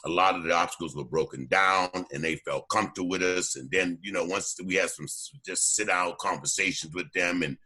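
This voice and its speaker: A low-pitched man tells stories in a radio interview, his voice bright and forward with a husky edge. He is animated and often stumbles over repeated words before getting going. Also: a little fast, few pauses. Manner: animated storyteller, repeats words when starting sentences. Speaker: documentary co-producer and former youth coach.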